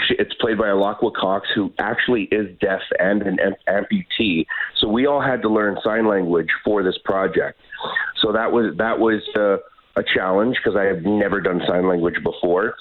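A Canadian man in his thirties comes through a thin, tinny phone line as a radio guest. His voice sits fairly low, and he tells his stories with plenty of laughter and false starts. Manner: laughing, lively storytelling with many restarts. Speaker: guest actor. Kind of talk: phone interview.

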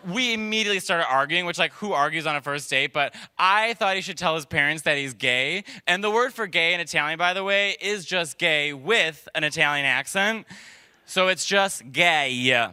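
A man's voice: fairly high pitch, fairly quick, few pauses, bright, forceful tone, clean tone. A man performing a stand-up comedy set, telling a story animatedly and acting out the other voices. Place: comedy stage before a live audience.

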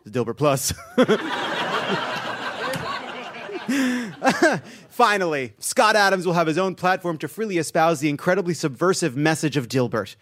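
A man's voice: sits high, sing-song, takes it slowly, long pauses, crowd noise. A man hosting a podcast, delivering a sardonic comedic news monologue with swearing and laughing at his own jokes. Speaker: podcast host.

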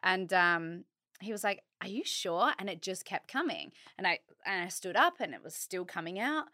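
Bright-voiced woman telling a story. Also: fairly low pitch, normal speed, no echo, clean studio sound. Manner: animated storyteller, acts out quotes with laughs. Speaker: podcast co-host. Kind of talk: casual storytelling chat.

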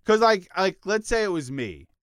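Animated, smooth-voiced man joking around. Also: moderate pace, dry recording, studio quality. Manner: playful, jokey, lively pitch swings. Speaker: podcast co-host. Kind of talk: casual comedic chat.

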